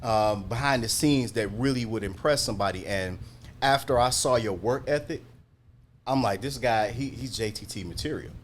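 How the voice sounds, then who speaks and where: A relaxed man, here as a guest talent manager, explaining his work patiently on a live chat. His pitch sits in the middle range. A faint hiss of noise runs under his voice. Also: normal speed. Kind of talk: casual interview chat. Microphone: video call.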